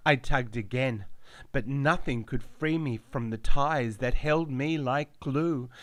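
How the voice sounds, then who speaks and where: A man reading his own story aloud in a slow, measured, darkly dramatic way. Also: mid-range voice. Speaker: author reading his memoir. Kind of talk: audiobook narration.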